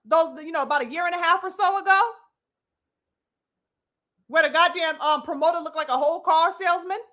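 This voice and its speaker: A brisk woman with a very high, fairly bright voice hosts a boxing commentary vlog. Her rant is opinionated, preachy and derisive, filled with blunt, profane rhetorical questions and shout-outs to her brothers and sisters.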